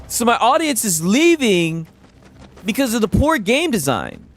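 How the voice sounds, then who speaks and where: A man's voice: sits high, fairly bright tone, slight background noise. A young man with a Southern US accent from Atlanta, rambling and swearing casually while commentating a video game he is playing. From Atlanta, USA. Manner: laid-back, rambling, swearing, laughing chatter. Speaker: gaming streamer. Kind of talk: casual let's-play commentary. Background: game music.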